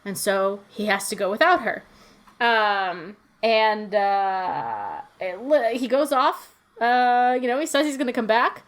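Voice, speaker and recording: A woman's voice: fairly high pitch, animated, slow pace, fairly bright tone. A woman co-hosting a podcast in casual chat, recapping a TV episode with loose, profane talk, lots of fillers, and acted-out character lines. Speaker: podcast co-host.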